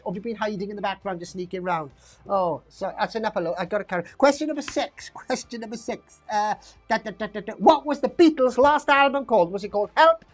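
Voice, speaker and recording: A woman's voice: medium pitch, fairly quick, faint music behind. A woman hosting a live online pub quiz, chatty and rambling, reading out questions and options and laughing often at herself. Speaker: quiz host.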